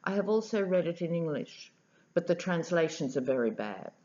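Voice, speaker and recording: Woman quoting a calm, matter-of-fact hairdresser. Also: on the low side, normal speed. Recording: dull lo-fi audio.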